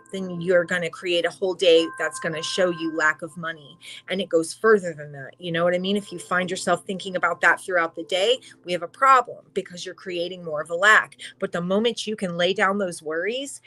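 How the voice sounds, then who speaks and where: A woman's voice: mid-range voice, a bit bright, low-quality recording. Profane, rambling woman tarot reader. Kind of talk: casual tarot reading.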